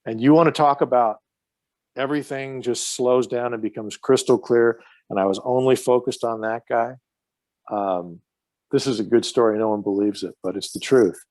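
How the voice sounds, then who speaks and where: A man's voice: medium pitch, fairly even intonation, normal speed, a little mellow, no room sound. A man telling stories as a podcast guest in casual chat, profane and rambling with many restarts.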